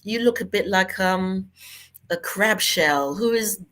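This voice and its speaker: A woman's voice: mid-range voice, slow, a bit bright. A British woman hosting an online talk show over a video call, bubbly and playful, laughing often. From Britain. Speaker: host.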